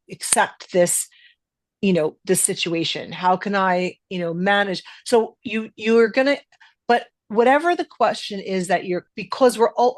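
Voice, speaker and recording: In a dry, close-miked recording, a middle-aged female podcast host speaks with a mid-range voice. Her delivery in the casual conversation is emphatic, leaning on stressed words.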